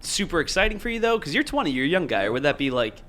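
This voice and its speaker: A man co-hosting a live player interview, upbeat and hyping the guest with quick interjections. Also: a little high, sing-song, sharp tone, a little hiss or hum. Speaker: co-host. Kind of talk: casual live-stream chat.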